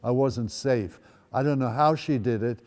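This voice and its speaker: A man's voice: medium pitch, moderate pace, darkish tone, long reverb tail. A man in his eighties, originally from the Netherlands, gives a personal storytelling talk as a guest speaker with wry, dry asides. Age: 80s. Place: school event space.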